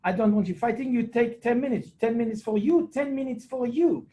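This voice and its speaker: A man voicing a quick-witted rugby referee, curt and deadpan, in a told anecdote. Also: very high voice, voice pushed up. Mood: deadpan stern. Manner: curt, deadpan, mock-stern.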